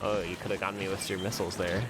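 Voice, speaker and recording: Easygoing deep-voiced man streaming games. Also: level tone, very fast, music in the background. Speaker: stream host. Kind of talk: casual gaming banter on stream.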